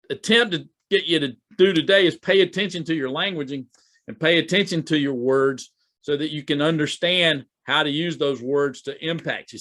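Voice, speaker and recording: A man's voice: a little high, fairly bright tone. A man talking as a business coach in a casual, conversational way, often repeating and restarting his words. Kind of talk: casual talk to camera. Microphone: video recording to camera.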